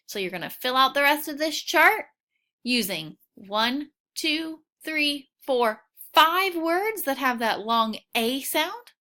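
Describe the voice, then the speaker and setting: A woman teaching a recorded phonics lesson for children, patient and encouraging, sounding out each word clearly. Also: high voice, lively intonation, sharp tone. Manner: slow, clearly sounding out words.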